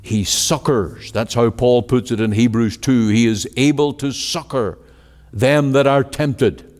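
A man preaching a sermon. He quotes scripture in old-fashioned wording, rising to emphatic exclamations and then dropping to hushed, low words. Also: a little slow. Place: meeting hall. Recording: long hall reverb.

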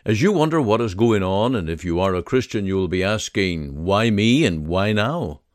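A man giving a devotional talk, reading scripture aloud and leading a prayer in a measured, earnest manner. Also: lowish voice, lively intonation, no echo, studio quality. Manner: slow, measured, earnest delivery.

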